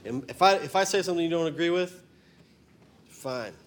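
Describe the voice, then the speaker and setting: A man's voice: fairly high pitch, expressive, fairly quick. A middle-aged man, introducing his song in a rambling, plainspoken way and stating blunt opinions. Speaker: singer-songwriter and former firefighter.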